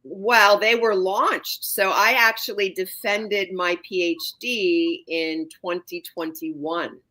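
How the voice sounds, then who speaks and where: A woman in her sixties, a psychotherapist guest on a talk show, explaining her career in a measured way. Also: mid-range voice, fairly even intonation, pushed and bright. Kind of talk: interview answers.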